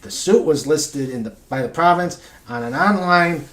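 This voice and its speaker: A man's voice: on the high side, lively intonation, fairly bright tone, echoey room. A man hosting a casual chat show, reading out odd news stories with asides. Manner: slow, reads news items aloud with asides. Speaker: host.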